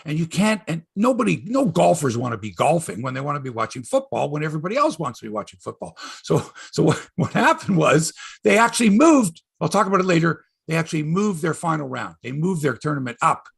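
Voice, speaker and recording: A man's voice: fairly high pitch, fairly quick, gravelly, few pauses, breathy edge. A man hosting a sports podcast, rambling and joking in casual chat. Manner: rambling, jokey, animated.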